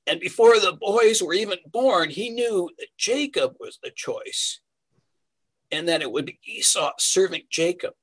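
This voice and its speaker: A man's voice: high-pitched, expressive, measured pace, fairly bright tone, breathy edge, low-quality recording. A man preaching a verse-by-verse Bible sermon, earnest and emphatic, asking rhetorical questions as he teaches.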